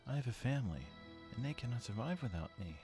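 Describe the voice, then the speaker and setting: A male fox in a storybook begs softly and slowly not to be shot, as a man reads him out. The voice stays lively in pitch, with music playing faintly behind. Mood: pleading. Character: talking male fox pleading for its life.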